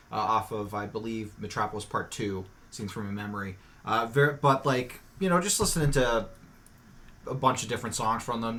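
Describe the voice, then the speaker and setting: A man's voice: on the low side, fairly bright tone. A man, producer and regular on a podcast, talking in a laid-back, hesitant way with many fillers. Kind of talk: casual chat.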